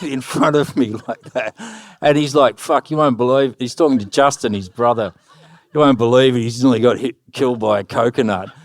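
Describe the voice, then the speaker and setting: A middle-aged man telling anecdotes on stage, animated, swearing freely and acting out the lines of other people. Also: on the low side, no room sound, clean studio sound. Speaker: guest musician. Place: live stage before an audience.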